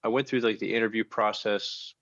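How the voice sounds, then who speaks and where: A blunt man telling work stories in casual chat, cursing freely. His voice sits low. The sound is dry and a little dull. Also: fairly even intonation, a little fast, fairly bright tone, dry recording. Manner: blunt, storytelling, swears casually. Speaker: podcast co-host, electrician.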